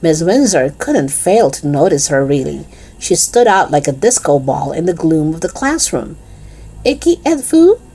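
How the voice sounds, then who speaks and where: A woman reading a children's chapter book aloud in an expressive, lively storytelling manner. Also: low voice, moderate pace, slightly rough.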